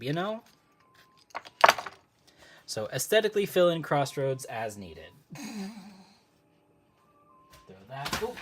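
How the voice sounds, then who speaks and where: A chatty live-stream host with a mid-range voice, talking to viewers while doing a craft project at home. The speaker drifts between thoughts and breaks into frequent laughs. Faint noise sits under the voice. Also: mid-range voice. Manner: chatty and easily sidetracked, laughing often; talks to live chat. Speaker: livestream host.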